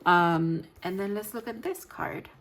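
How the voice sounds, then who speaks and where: A woman's voice: medium pitch, unhurried. A woman giving a casual pick-a-card tarot reading, thinking aloud in a chatty way, often restarting words as she reads card text and joking about herself. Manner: playful, jokes about herself. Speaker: tarot reader.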